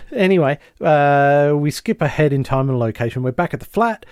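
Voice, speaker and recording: A man, co-hosting a podcast and casually retelling a sitcom episode with lively impressions of the characters. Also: fairly high pitch, normal speed, clear, resonant tone, dry recording, studio quality. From Australia. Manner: animated storyteller, mimics the characters' lines. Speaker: podcast co-host.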